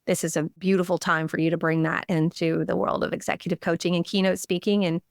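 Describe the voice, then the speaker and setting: A woman hosts a business podcast in a low, smooth voice. She is encouraging and emphatic, cheering on her guest. The recording is dry and close. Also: flat delivery, fast, no room sound. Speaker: podcast host. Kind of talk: casual podcast interview.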